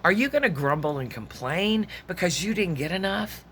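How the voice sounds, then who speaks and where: A woman's voice: fairly low pitch, expressive, normal speed, fairly bright tone, slight background noise. A woman, preaching a sermon as a folksy, conversational story and dropping to near-whispers for emphasis.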